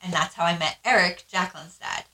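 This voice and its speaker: A woman with a voice on the low side and a sharp tone talks a little fast. Co-hosting a podcast, she recounts her story in frank, casual chat, cursing freely and acting out what others said, on a rough, reverberant recording.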